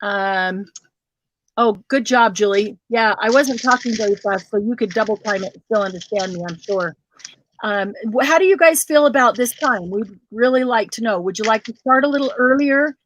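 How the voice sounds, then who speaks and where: A woman's voice: fairly high pitch, normal speed, slight background noise. A woman hosting a casual craft livestream, chatting with viewers and calling them by name.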